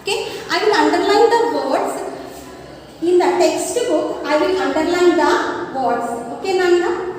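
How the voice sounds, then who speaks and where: A woman teacher with an Indian English accent, giving a slow lesson and spelling out words letter by letter. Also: very high voice, darkish tone. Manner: slow, repetitive, addresses the class as Nana. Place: school classroom. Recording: echoey classroom, voice from far off.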